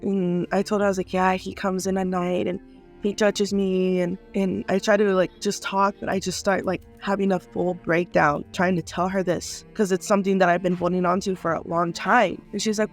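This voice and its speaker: A woman telling her own life story in an unscripted interview, speaking in a halting, earnest way full of small fillers. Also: medium pitch, steady tone, gravelly, faint music behind. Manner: halting and earnest, many "like" and "you know" fillers. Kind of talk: personal testimony, unscripted.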